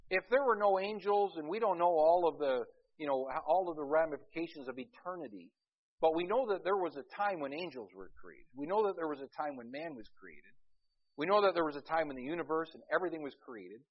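Male preacher, husky mid voice, rambling conversational sermon full of restarts, dull lo-fi recording. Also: fairly high pitch, expressive, brisk. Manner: conversational storytelling with many fillers and restarts.

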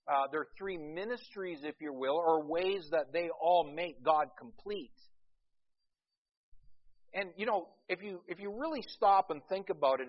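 Male preacher, husky mid voice, rambling conversational sermon full of restarts, dull lo-fi recording. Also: fairly high pitch. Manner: conversational storytelling with many fillers and restarts.

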